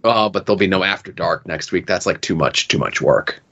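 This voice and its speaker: A man's voice: low voice, brisk, lo-fi sound. A middle-aged man hosting a podcast, chatting loosely and sometimes stammering. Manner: relaxed, loose, a bit stammering. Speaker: podcast host. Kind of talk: casual chat.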